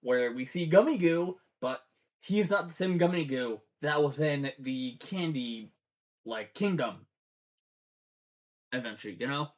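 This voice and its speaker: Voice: mid-range voice, expressive, unhurried. A fan commentator in a rambling, casual show breakdown who swears often and gets teary.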